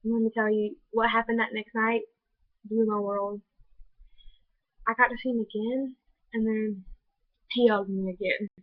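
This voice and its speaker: A woman's voice: fairly high pitch, level tone, unhurried, pauses often, dry recording. A teenage girl telling a personal story in a vlog, earnest and gushing, with many "like" fillers. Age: teens. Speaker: vlogger. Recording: dull lo-fi home video audio.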